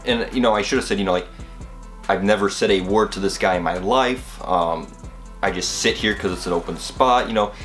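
A young man vlogger telling college stories in a casual, rambling, animated way, full of fillers. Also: lowish voice, brisk, faint music behind. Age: young adult. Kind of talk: casual storytelling vlog.

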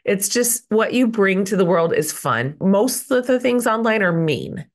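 A woman's voice: medium pitch, animated, measured pace. A woman hosting a podcast, under the weather and a little crackly, talking in an effusive, gushing way. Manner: effusive and warm, with many fillers. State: sick and slightly hoarse. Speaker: podcast host. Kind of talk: casual interview chat.

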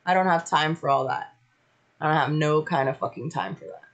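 A woman hosting a casual livestream, chatty and excitable, swearing freely as she talks. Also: deep voice, a little fast, dull audio. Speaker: livestream host.

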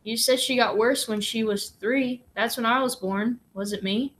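A woman voicing an earnest young boy who speaks quietly and hesitantly in a storybook reading. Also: fairly high pitch, normal speed, close to an everyday voice.

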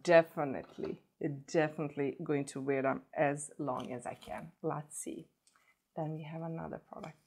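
A woman beauty vlogger chatting casually as she unboxes gifts, gushing and repeating words in her excitement. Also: low-pitched, moderate pace, gravelly, breathy edge.

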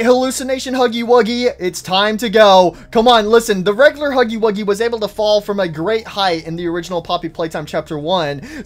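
Excitable male gaming commentator, chatty, shouts and yelps at big moments. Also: extremely high pitch. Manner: excitable, shouts and cries out at falls; talks to game characters like pets. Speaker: gaming YouTuber. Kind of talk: casual game commentary.

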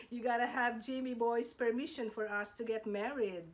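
Speaking a little high and with fairly even intonation, the channel host presents her reveal compilation in a casual video. Her delivery is slow and gushing as she thanks every contributor again and again.

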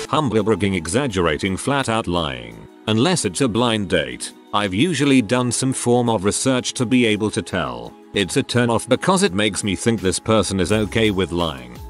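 A man narrates a string of online stories in a matter-of-fact reading voice. His pitch sits low, yet his intonation rises and falls with plenty of life. Soft music runs quietly underneath.

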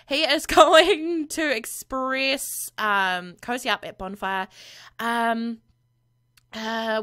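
A woman giving bubbly, gushing let's-play commentary on a USB condenser microphone, often squealing with excitement. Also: high-pitched. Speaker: gaming video creator.

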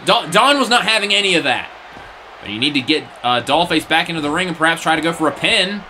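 A young man doing play-by-play for a wrestling video game, his voice high and bright with wide, bouncy swings in pitch. He gets animated, shouting at big moves and grumbling in exasperated asides. A faint hiss of noise sits behind him. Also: brisk. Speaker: play-by-play commentator.

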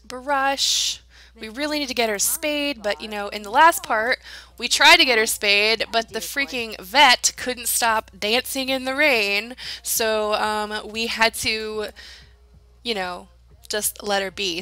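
A woman's voice: a little high, pushed and bright, no room sound. A young woman giving casual, chatty commentary as she plays a life-sim game, talking to her characters and giggling often. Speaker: let's play gamer.

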